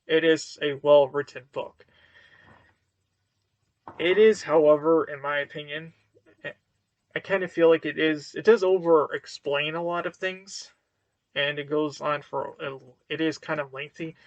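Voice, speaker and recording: A man's voice: a little high, steady tone, measured pace, long pauses, dry recording, dull audio. A man giving a casual book review to camera, hesitant and full of fillers and restarts.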